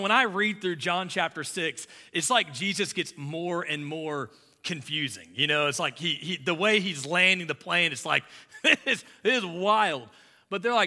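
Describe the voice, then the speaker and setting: A man preaching a conversational sermon as pastor, building to loud emphatic peaks. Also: sits high, moderate pace, in a large hall.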